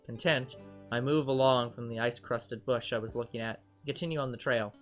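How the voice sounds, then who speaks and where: A man with a mid-range voice speaks a little fast over soft background music while reading a visual novel for his game channel. He's lively and joking, filling the let's play narration with banter and animated laughing outbursts.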